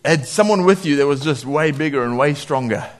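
A man preaching a sermon in a lively way, laughing often and acting out voices when he quotes people. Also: on the high side, brisk.

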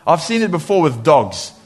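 A man preaching a sermon in a lively way, laughing often and acting out voices when he quotes people. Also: fairly high pitch, unhurried, breathy edge, faint music behind.

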